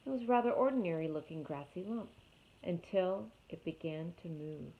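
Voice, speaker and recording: A woman reading a storybook aloud in an expressive way, speaking directly to young listeners as a teacher. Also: fairly low pitch, moderate pace. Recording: tinny phone-like audio.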